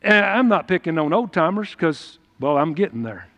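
A man's voice: a little high, very animated, normal speed, a bit bright. A man preaching a folksy, emphatic sermon to his congregation at church. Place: church hall. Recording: long hall reverb.

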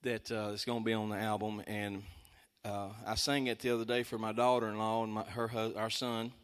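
A man from East Texas with an East Texas accent, preaching a testimony sermon as a singing preacher, telling a story and breaking into shouts of praise. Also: fairly low pitch, flat delivery, brisk, clean tone.

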